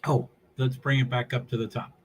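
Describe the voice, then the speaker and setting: A man's voice: medium pitch, little pitch movement, brisk, slight background noise, rough recording. A man from New England chatting casually on a livestream, rambling and laughing as he follows a race. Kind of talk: casual live commentary while watching a race.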